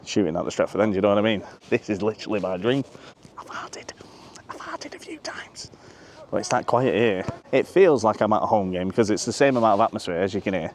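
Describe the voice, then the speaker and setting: A man's voice: on the low side, racing, few pauses, a little mellow. A man vlogging outdoors at a football stadium, joking crudely, swearing freely and out of breath. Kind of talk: casual chat to camera.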